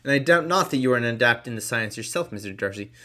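A jovial older gentleman, as a man reading aloud puts him on gushes with flattery and eager compliments. He speaks briskly at a plain middle pitch. It is lightly acted, close to the reader's own voice. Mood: effusive. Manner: effusive, flattering.

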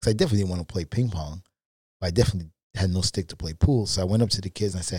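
A man talks as a podcast guest, spinning candid stories in a loose, animated way. His voice sits low and mellow. The sound is close and dry, with no room around it. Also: fast talker, husky, no echo. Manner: candid, animated anecdotes with frequent fillers. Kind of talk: casual storytelling.

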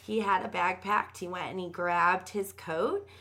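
Young woman, podcast guest, casual chat, bright tone, candid, profane, filler-heavy. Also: on the low side, steady tone, measured pace.

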